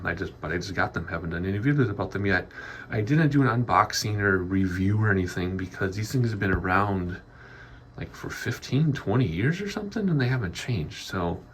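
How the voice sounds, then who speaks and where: A man's voice: low-pitched, expressive, fairly quick, slight background noise. A man giving a chatty, rambling tour of his home office studio, a little out of breath. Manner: rambling, chatty, frequent ums. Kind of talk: casual walkthrough vlog.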